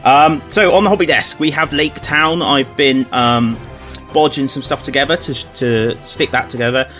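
Guy co-hosting a hobby podcast, jokey and chatty, middle pitch. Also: normal speed, fairly bright tone, soft background music. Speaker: podcast co-host. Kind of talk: casual chat.

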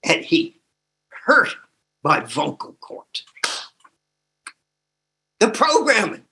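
Older man sharing slowly with a shaky voice. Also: sits high, wildly swooping pitch, creaky, sharp tone. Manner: slow and emotional, with laughter. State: slight voice tremor. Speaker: recovery workshop speaker. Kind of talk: personal sharing talk.

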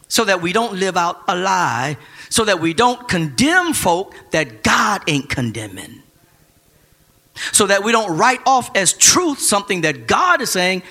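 Preacher guy, high bright voice, swings way up and down, shouts the big lines. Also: big pitch swings. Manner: rising to shouted call-and-response cadence, drawn-out emphasis. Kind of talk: sermon.

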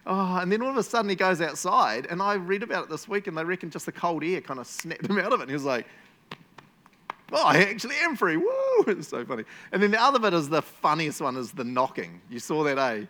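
A man preaching a casual sermon as pastor, chatty and animated, laughing often as he tells stories. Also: a little high, fast, hardly any pauses. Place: church.

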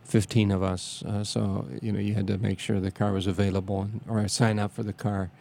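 A man reminiscing in a casual interview, speaking haltingly with many restarts and fillers and a reverent tone. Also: fairly low pitch, level tone, gravelly, dark tone.

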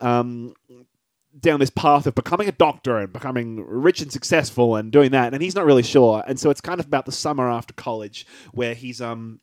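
A man's voice: mid-range voice, fairly quick, darkish tone, no echo. Chatty man, joking podcast host. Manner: rambling, joking, many fillers and restarts. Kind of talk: casual podcast chat.

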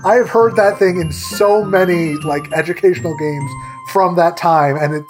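A man co-hosting a casual podcast chat, excitable and rambling as he tells a story. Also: high-pitched, moderate pace, over music. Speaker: podcast co-host.

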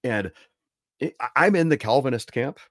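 A man's voice: medium pitch, animated, moderate pace, no echo, studio quality. A man co-hosting a casual scholarly Bible discussion, cutting in with questions and then building his own point. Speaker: co-host.

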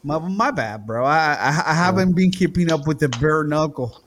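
A man's voice: a little high, expressive, moderate pace, slight background noise. A man co-hosting a casual podcast, joking around and laughing often. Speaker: podcast co-host. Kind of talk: casual chat.

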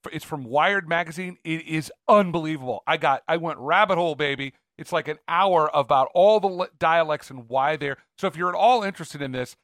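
A man's voice: a little high, a little fast, hardly any pauses, fairly bright tone, dry recording, clean studio sound. A man hosting a podcast in casual chat, enthusiastic and often cutting off words to restart. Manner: enthusiastic, restarts mid-word. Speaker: podcast host.

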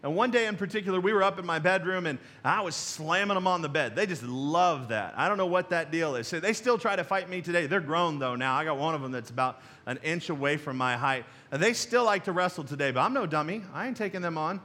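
A middle-aged pastor delivers a loose, folksy sermon to his congregation, chuckling and tossing questions at the pews. His voice sits high for a man, bright and forward, moving at a quick pace with few pauses. He is picked up by a stage microphone in a church sanctuary.

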